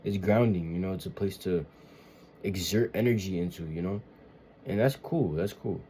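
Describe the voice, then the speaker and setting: Man, very low voice, dark mellow tone, rambling heartfelt vlog talk, swears a lot. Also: normal speed, a little hiss or hum. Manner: rambling, emotional and searching, with frequent swearing and fillers. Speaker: vlogger. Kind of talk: casual confessional monologue.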